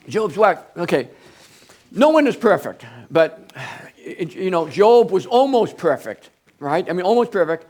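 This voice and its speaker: An older man leading a plain, informal Bible study. He talks in halting bursts, restarting phrases and wandering, his voice sitting a little high for a man. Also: a little mellow. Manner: halting, rambling, many restarts. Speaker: preacher.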